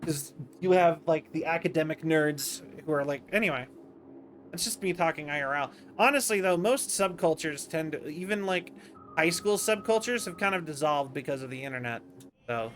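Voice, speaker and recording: High-voiced, tired, rambling streamer man. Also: expressive, normal speed, a little hiss or hum. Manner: rambling, self-interrupting, chatty. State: tired, yawning. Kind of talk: casual livestream commentary.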